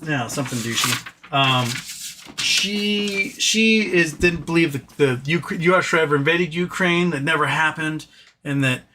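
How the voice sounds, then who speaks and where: Animated, opinionated male livestream host. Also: on the high side, unhurried, slight background noise. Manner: animated, opinionated, talks to his pet between comments; reads viewer chat aloud. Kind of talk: casual political rant on a livestream.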